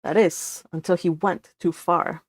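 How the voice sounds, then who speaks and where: A woman's voice: on the low side, steady tone, measured pace, no echo. A woman reading her own fan fiction aloud, narrating steadily in a read-along with occasional slips.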